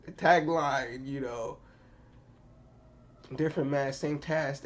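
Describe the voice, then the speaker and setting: A young man streaming from his computer, ranting in an animated, profane, skeptical way, full of restarts. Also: medium pitch, takes it slowly, a little hiss or hum. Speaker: streamer reacting to movie news. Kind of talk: casual rant on stream.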